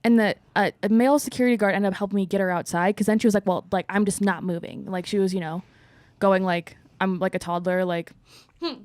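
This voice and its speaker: Brief: young woman co-host, mid-pitched, lively storyteller, dry close studio sound. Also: quick pace, no room sound. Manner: lively retelling with acted-out quotes. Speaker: podcast co-host, bar security. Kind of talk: casual chat, animated storytelling.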